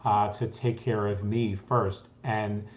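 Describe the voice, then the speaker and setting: A man hosting a talk show, speaking in a halting, hesitant way with many restarts. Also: on the low side, steady tone, dull audio. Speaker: host. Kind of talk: interview talk.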